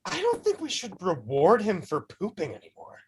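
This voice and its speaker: A woman reading the part of a husband who speaks haltingly, bewildered at being served divorce papers. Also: medium pitch, wildly swooping pitch, a little hiss or hum. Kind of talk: live script reading.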